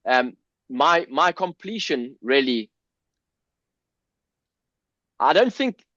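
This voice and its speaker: A man's voice: mid-range voice, big pitch swings, a little slow, a bit bright, dry recording. Earnest South African man, dull dry sound. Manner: earnest, emotional, swears, frequent restarts. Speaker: podcast guest. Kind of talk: candid personal storytelling.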